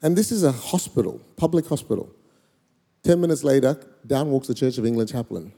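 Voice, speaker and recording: A middle-aged Australian man preaching a storytelling sermon, animated, acting out conversations and shouting his exhortations. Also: mid-range voice, brisk. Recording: echoey hall reverb.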